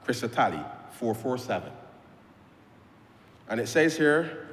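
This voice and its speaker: Barbadian MP speaking in an echoing chamber. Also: male voice, mid-range voice, sing-song, unhurried, long pauses, a bit bright. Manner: emphatic, repetitive, addresses "sir" nearly every phrase. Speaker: member of parliament. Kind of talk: parliamentary speech. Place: legislative chamber. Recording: echoey chamber with long reverb.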